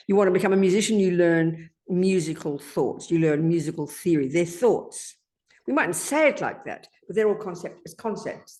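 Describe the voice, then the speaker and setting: Emphatic woman giving a dharma talk. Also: lowish voice. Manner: emphatic, lively, asks rhetorical questions. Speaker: Buddhist teacher. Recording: echoey room.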